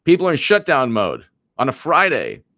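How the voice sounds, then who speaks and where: A man hosting a political commentary livestream, talking in a rambling, animated, self-interrupting way. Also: medium pitch, moderate pace, no echo, clean studio sound.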